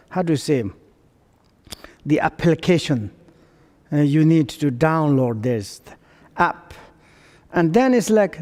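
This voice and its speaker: Tibetan-accented male Buddhist teacher, unhurried and fairly high-voiced, heard with a long reverb. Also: darkish tone. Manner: broken English, storytelling with acted dialogue. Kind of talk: dharma teaching. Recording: long reverb in a large room.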